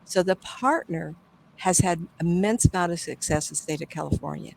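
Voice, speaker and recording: An older woman, a psychic medium, telling stories in a casual interview, animated and acting out the people she quotes, often trailing off and starting over. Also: on the low side, normal speed, vocal fry, a little hiss or hum, poor audio. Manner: animated, acts out quoted voices, trails off and restarts.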